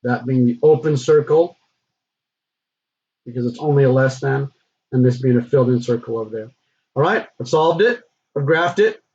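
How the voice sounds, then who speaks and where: A male math teacher talks through a recorded lesson at a middle pitch. His voice is a little husky, and the recording has a dull, lo-fi sound. He keeps it relaxed and conversational, with plenty of fillers. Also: moderate pace, pauses often.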